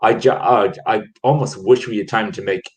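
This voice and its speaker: A man with a low voice, raised in Ireland, talks through his producing career over a video call. He wanders through anecdotes with frequent fillers and self-corrections, relaxed and chatty. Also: moderate pace, low-quality recording. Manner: rambling, many restarts and fillers. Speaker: theatre producer, guest. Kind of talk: casual storytelling chat.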